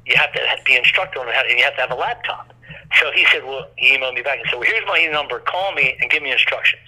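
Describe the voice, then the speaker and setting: A man's voice: medium pitch, fast, bright, forceful tone. A man telling a long, rambling story as an interview guest, acting out quoted voices, over a phone line.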